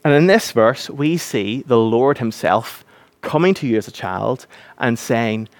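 A man preaching a sermon, earnest and animated when he acts out scenes. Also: mid-range voice, a little slow, no echo.

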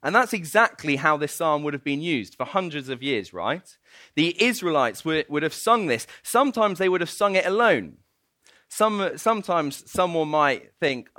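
A man preaching in a sermon, spinning a story with playful energy and frequent laughs. His voice sits a little high and has a bright, sharp edge. The recording is dry and close. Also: normal speed, dry recording. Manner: animated and playful, often laughing.

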